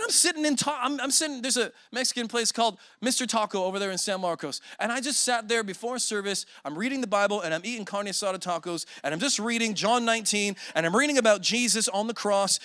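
A man's voice: sits high, fast, few pauses, pushed and bright, no echo, studio quality. A man in his forties preaching a sermon as a guest speaker, telling emotional stories with self-deprecating humor.

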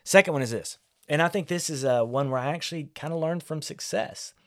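With a fairly high pitch and a fairly quick pace, a male pastor opens up about parenting on his solo podcast. He is candid and self-deprecating, often restarting what he's saying. The clean studio audio has no room sound.

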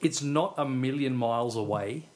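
A man's voice: medium pitch, normal speed, darkish tone. A man co-hosting a podcast, making dry, wry remarks in a casual film chat. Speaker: podcast co-host.

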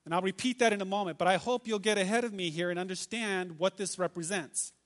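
A man preaching a sermon, reading scripture aloud and repeating key phrases slowly and with emphasis. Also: high-pitched, a bit bright. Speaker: pastor.

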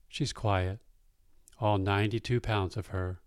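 A man reading a first-person story aloud in a plain-spoken, unhurried way. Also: sits low, dry recording, clean studio sound.

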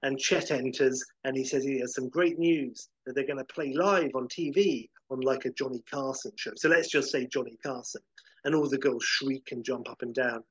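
A man casually narrating a comic film pitch scene by scene, rambling with lots of "like" and "uh". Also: moderate pace, fairly bright tone, breathy edge, dry recording, rough recording. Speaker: podcast host pitching a film sequel.

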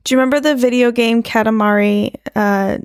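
A woman's voice: on the high side, fairly even intonation, a little fast, no echo, studio quality. A woman co-hosting a podcast in casual chat, trailing off and restarting her thoughts and laughing often. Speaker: podcast co-host.

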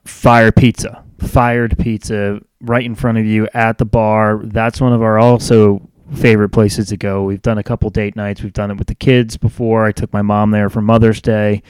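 A man's voice: fairly low pitch, a little mellow, clear, resonant tone, dry recording. A man hosting a casual solo podcast, rambling and upbeat, with lots of fillers and restarts. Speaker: podcast host.

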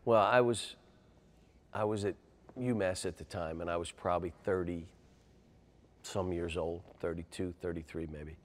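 An older man, a basketball coach, telling animated stories in an interview and getting loud and excitable. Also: low voice, moderate pace, long pauses. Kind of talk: interview storytelling.

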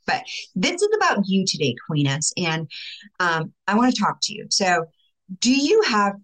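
A young woman talks straight to her viewers as a faith-based life coach, her voice lively and quick to jump in pitch. She speaks casually and with emphasis, peppering her sentences with "like" and "you know.". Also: rough recording. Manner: animated, emphatic, talks with many fillers like "like". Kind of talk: casual vlog talk to viewers.

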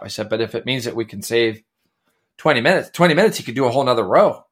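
A man's voice: medium pitch, lively intonation, fast talker. A middle-aged man co-hosting a podcast, telling a rambling story in casual chat with many restarts. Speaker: podcast co-host.

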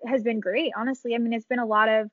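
A young woman from Michigan chats as a guest, rambling and giggling between her thoughts. Her voice sits a little high. The sound is dry and slightly muffled, like a lo-fi remote recording. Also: steady tone, quick pace, no echo. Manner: chatty, giggly, rambling with many fillers. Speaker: guest musician. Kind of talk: casual podcast chat.

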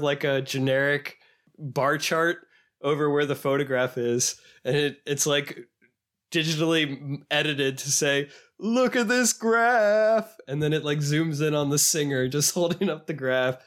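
A man co-hosting a podcast in casual chat, animated and sometimes quoting clips in a higher put-on voice. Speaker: podcast co-host.

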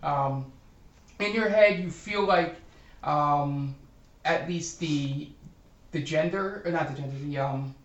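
A man's voice: fairly high pitch, highs cut off. A man narrating as game master in a casual tabletop session, hesitant and full of fillers. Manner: halting, filler-heavy narration with playful NPC voices. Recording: echoey room, mic from far off.

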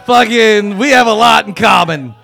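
A man performing a crude, profane stand-up comedy routine, riffing and acting out quotes with loud, punchy bursts. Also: high voice, moderate pace, gravelly.

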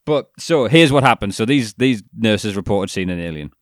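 A man's voice: lowish voice, expressive, normal speed, dry recording, studio quality. A young man, co-hosting a podcast in casual chat, rambling, laughing and swearing. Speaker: podcast co-host.

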